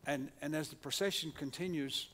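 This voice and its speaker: This Oklahoma-accented pastor's voice sits a little high, bright and forceful, moving a bit fast. He preaches earnestly in the church sanctuary, with frequent restarts and repeated words, and leads his congregation in call-and-response.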